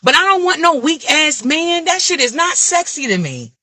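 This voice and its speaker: A woman's voice: high-pitched, normal speed, no room sound. A woman with an African American Vernacular English accent, venting in a candid, blunt and profane rant to camera. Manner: blunt, profane, animated ranting. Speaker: vlogger.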